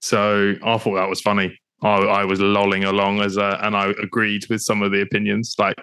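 A man's voice: lowish voice, monotone, moderate pace, pushed and bright, clear, resonant tone, no room sound. A man in casual podcast chat, talking in an amused, chatty way. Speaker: podcast co-host.

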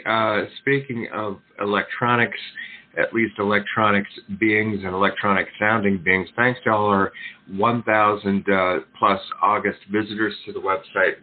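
A man's voice: lowish voice, fairly even intonation, a little slow. A man hosting a talk radio show, rambling through opinions with many fillers and restarts. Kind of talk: casual talk radio commentary. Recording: tinny phone-like sound.

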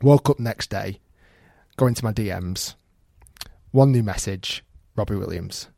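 A man's voice: fairly low pitch, a little slow, gravelly, no room sound, studio quality. A man hosting a casual podcast, telling stories with animation and acting out quoted lines. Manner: animated storyteller, acts out quotes. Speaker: podcast host. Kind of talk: casual chat.

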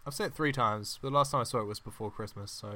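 A man's voice: medium pitch, fast talker, bright, forceful tone. A young man co-hosting a podcast in casual chat, laughing often and stammering over words when he argues. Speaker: podcast co-host.

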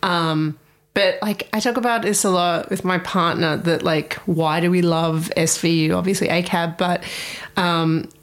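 A woman co-hosting a podcast in casual chat, excitable and quick with asides, laughing often. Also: fairly low pitch. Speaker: podcast co-host.

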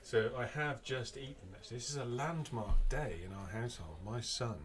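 A man's voice: medium pitch, brisk. A British man hosting a podcast from home, chatting easily with restarts and fillers. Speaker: podcast host. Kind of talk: casual chat and scripted episode intro. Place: home, remote call.

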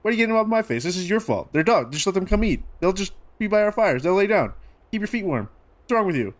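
A man's voice: high-pitched, very animated, fast. A man playing a tabletop game in character, playful and defensive. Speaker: player.

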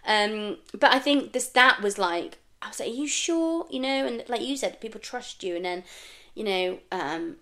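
A chatty woman talking casually as a podcast co-host. Her voice sits at an everyday middle pitch. She laughs often and throws in playful swearing. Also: moderate pace, fairly bright tone. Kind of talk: casual chat.

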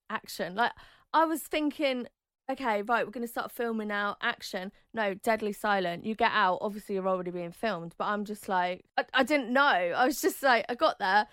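A woman in her thirties tells her story as an interview guest. She is chatty and lively, jumping into high squeals when she acts out what people said. The sound is dry and close. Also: clean tone, no echo.

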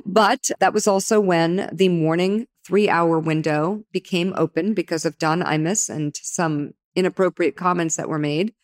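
Middle-aged woman, TV anchor type, lively storyteller who acts out dialogue; close, dry mic. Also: lowish voice, moderate pace, few pauses, no echo. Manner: animated, acts out quoted dialogue. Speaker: guest, TV news anchor. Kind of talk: conversational interview storytelling.

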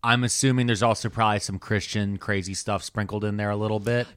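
A man's voice: lowish voice, steady tone, quick pace, a bit bright, clear, resonant tone, no room sound, clean studio sound. A man co-hosting a podcast, chatting casually and riffing with jokes and swearing. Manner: joking, profane, riffing. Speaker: podcast co-host. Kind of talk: casual chat.

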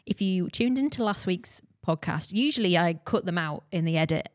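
A woman's voice: on the low side, expressive, moderate pace. A woman co-hosting a podcast, chatting casually and giggling. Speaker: podcast co-host and editor.

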